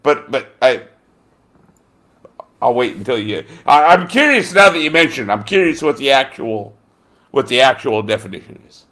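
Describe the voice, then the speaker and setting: This medium-pitched man has a sing-song delivery, a fairly bright tone, and an ordinary speaking speed. He hosts a casual podcast chat full of wandering tangents, swearing, and filler-heavy searches for names.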